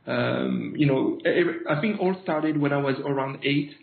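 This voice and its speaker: A man's voice: medium pitch, unhurried, gravelly, reverberant, narrow, tinny audio. A man in his thirties from France, with a French accent, answering interview questions hesitantly and with many fillers. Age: 30s. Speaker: guest. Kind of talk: radio interview conversation.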